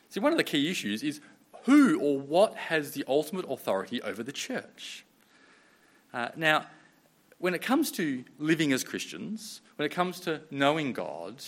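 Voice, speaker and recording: A man's voice: medium pitch, a bit bright. A man in his thirties from Australia, preaching a sermon in a conversational storytelling way. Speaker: pastor.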